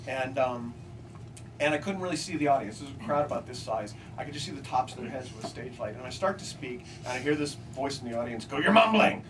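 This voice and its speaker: A middle-aged man, an author at a book signing, reading comic pieces and telling stories to an audience with a wry, deadpan delivery. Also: medium pitch, fast. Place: bookstore event room with a live audience. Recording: distant amateur recording, loud crowd laughter and noise.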